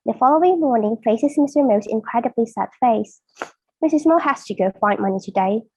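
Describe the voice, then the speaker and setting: Woman, Indonesian native speaker, storybook reading, husky, close dry sound. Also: on the high side, lively intonation, brisk, a little mellow, dry recording, rough recording. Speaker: author reading her story. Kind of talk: reading a children's story aloud.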